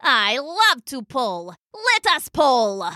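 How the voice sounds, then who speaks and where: Woman voicing a happy dog girl from a storybook, friendly, a bit clipped, slow and bright. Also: high-pitched, big pitch swings, dry recording, clean studio sound, heavily acted. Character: cheerful female farm dog.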